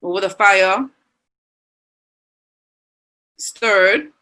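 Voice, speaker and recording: A woman's voice: medium pitch, very slow, sharp tone. A woman with a Bahamian accent teaching an online language class, reading out students' answers and praising them. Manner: encouraging, reads out students' chat answers.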